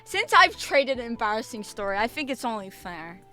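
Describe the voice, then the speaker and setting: A young woman chats on a stream and tells a story in an animated, swearing style, acting out the voices of others. Her voice sits fairly high. Faint music plays behind her. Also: normal speed. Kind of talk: casual chat.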